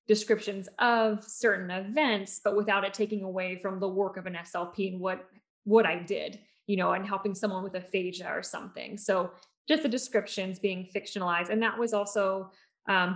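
A woman guest on a podcast, a speech therapist, telling stories from her work. Her voice is mid-pitched and animated. She talks with lots of fillers and restarts. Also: brisk. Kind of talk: conversational storytelling.

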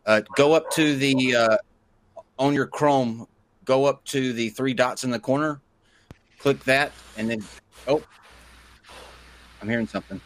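A man's voice: mid-range voice, a little slow, pauses often. A man hosting a live online show, giving step-by-step instructions and joking along the way. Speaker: host.

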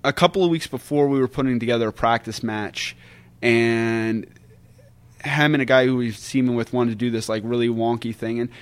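A man as a podcast guest, telling stories in a casual, animated way and acting out other people's lines. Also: medium pitch, moderate pace, clear, resonant tone. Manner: animated storyteller who acts out quotes. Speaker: guest wrestler.

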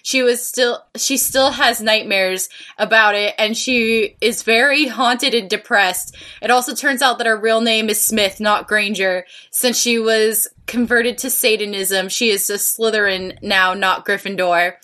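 A woman co-hosting a podcast, reading a story aloud for laughs, mostly deadpan but often on the edge of laughing. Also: fairly high pitch, measured pace, hardly any pauses. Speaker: podcast co-host. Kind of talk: comedic dramatic reading.

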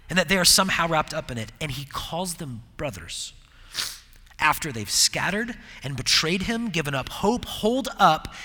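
A man giving a devotional sermon, reflective and earnest, often sinking to hushed tones to make a point. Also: a little high, slightly rough, big-room sound. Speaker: preacher.

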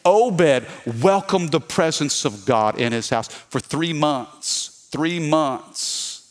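A man, lively and calling for amens. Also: a little high, slow pace. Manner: lively preaching with call-and-response. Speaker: pastor. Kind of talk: sermon.

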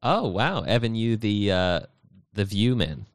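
A man's voice: fairly low pitch, very animated, measured pace, no echo, clean studio sound. A man co-hosting a podcast, chatting casually and joking with many fillers. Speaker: podcast co-host. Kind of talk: casual tech chat.

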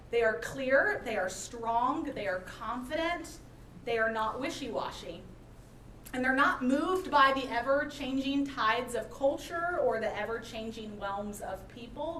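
A woman pastor preaching a sermon in a church, with lively, dramatic storytelling. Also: high-pitched, echoey room, far from the mic, a little hiss or hum, poor audio. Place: church sanctuary.

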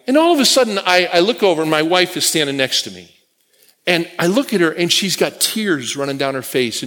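A man's voice: fairly high pitch, fairly bright tone. A man preaching a sermon to a congregation, telling stories with humorous asides. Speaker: guest preacher. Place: church sanctuary with congregation. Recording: long reverb of a large hall.

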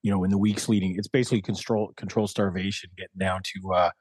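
A low-voiced man with a Canadian East Coast accent, chatting casually as a podcast guest. He rambles in a folksy way through his stories. The sound is dry and close, with no room echo. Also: level tone, fast, a little mellow, slightly rough. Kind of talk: casual chat.

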